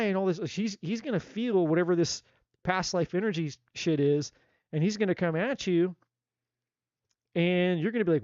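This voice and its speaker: Guy doing a live tarot reading, blunt and sweary, kinda high voice, dry dull lo-fi audio. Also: moderate pace, dry recording. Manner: blunt, animated, swears freely, acts out quotes. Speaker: tarot reader.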